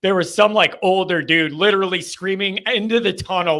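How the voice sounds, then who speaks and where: A man hosts a live call-in chat, his voice pitched high and bright. He talks in a frustrated, rambling way and often breaks off to restart his sentences. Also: brisk. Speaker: podcast host.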